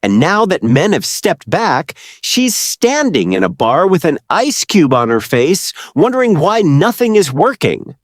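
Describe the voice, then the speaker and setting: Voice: mid-range voice, sing-song, unhurried, hardly any pauses, no room sound, clean studio sound. Judgmental commentary narrator addressing viewers. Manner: judgmental, lecturing. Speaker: channel narrator.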